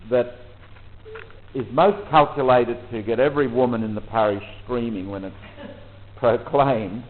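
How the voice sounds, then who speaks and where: A man leading a retreat talk for priests, relaxed and conversational, often pausing with ums and restarts. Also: medium pitch. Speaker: retreat leader. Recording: tinny phone-like audio.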